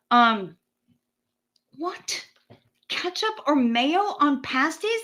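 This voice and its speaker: A woman's voice: high voice, lively intonation, slow pace, pauses often, sharp tone. A woman in her forties from the United States, chatting casually with her livestream viewers, rambling and swearing freely. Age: 40s. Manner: profane, rambling, talks back to chat. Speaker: livestream host. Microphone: streaming setup.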